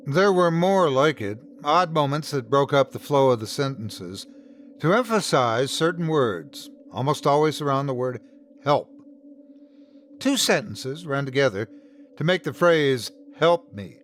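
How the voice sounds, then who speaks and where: A man narrating a first-person horror story in an expressive, dramatic storytelling manner. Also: medium pitch, unhurried, a little hiss or hum.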